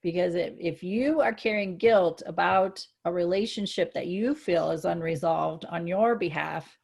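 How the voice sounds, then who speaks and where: Low-voiced earnest woman co-host. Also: measured pace, vocal fry, slightly rough. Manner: earnest and reflective, grows excited in examples. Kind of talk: casual spiritual chat.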